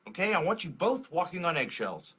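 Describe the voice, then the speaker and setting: A man's voice: fairly high pitch, sing-song, fairly bright tone, a little hiss or hum. An actor playing a bossy male office manager who lays down strict rules for his staff, in a clip from a TV comedy. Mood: stern. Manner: brisk, stern warning.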